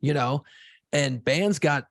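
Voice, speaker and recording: A man co-hosting a podcast, a former radio DJ telling stories in a casual, profane, animated way. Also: fairly high pitch, slow, creaky, no echo, clean studio sound. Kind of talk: casual chat.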